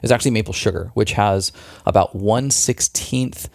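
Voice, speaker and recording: A man's voice: on the low side, moderate pace, gravelly, no echo, studio quality. A man co-hosting a podcast, chatting enthusiastically about a product, with frequent restarts. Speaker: podcast co-host. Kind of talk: casual product pitch in a podcast chat.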